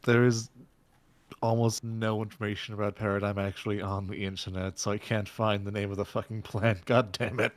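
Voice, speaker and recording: A man's voice: lowish voice, level tone, brisk. A man chatting casually with a friend on a stream, joking and swearing. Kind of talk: casual live-stream chat.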